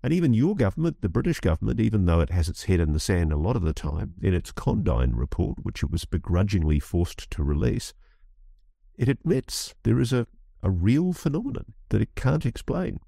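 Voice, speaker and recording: A man's voice: fairly low pitch, very animated, fairly quick, creaky, warm tone, dry recording, clean studio sound. A man speaking as a guest in an interview, impassioned and emphatic, often restarting phrases as he builds his point. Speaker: guest commentator. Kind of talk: animated interview talk.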